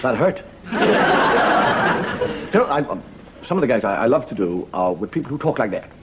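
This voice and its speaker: A man's voice: mid-range voice, very animated, moderate pace, over a noisy crowd, very noisy. A man with an Irish accent doing a wry, chuckling stand-up monologue. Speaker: comedian.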